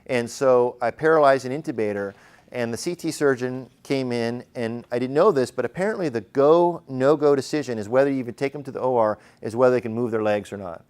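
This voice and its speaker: Male emergency medicine teacher, smooth tone, chatty classroom lecture full of fillers. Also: mid-range voice, brisk, darkish tone. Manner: conversational, questions the class, frequent fillers.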